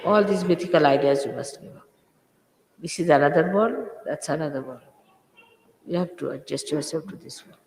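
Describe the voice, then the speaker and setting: A woman's voice: low voice, moderate pace, a little mellow. An older woman, a spiritual teacher, giving an informal talk to followers, scolding and emphatic, repeating phrases for stress, recorded on old archive tape. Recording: echoey hall, 1980s archive tape.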